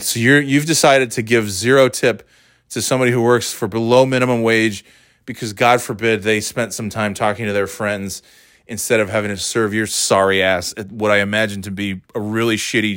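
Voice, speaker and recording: A man's voice: lowish voice, fairly even intonation, brisk, fairly bright tone, clean tone, dry recording, clean studio sound. A man delivering an exasperated, profane, sarcastic ranting monologue.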